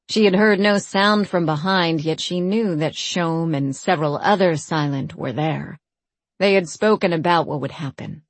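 A woman narrating a fantasy audiobook in a steady, even storytelling manner. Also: low voice, no room sound.

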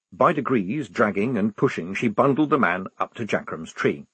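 A man narrating an audiobook with an expressive, varied delivery. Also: on the low side, moderate pace, breathy edge, no echo. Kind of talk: scripted narration.

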